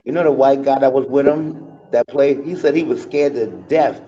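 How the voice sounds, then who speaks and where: Male co-host, relaxed chat, mellow tone, lo-fi line. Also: mid-range voice, normal speed. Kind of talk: casual chat.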